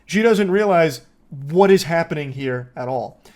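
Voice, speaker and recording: A man's voice: fairly high pitch, animated, a little slow, a little mellow. A man giving sarcastic, profane reaction commentary on a police video. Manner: sarcastic, profane, breaks into laughter.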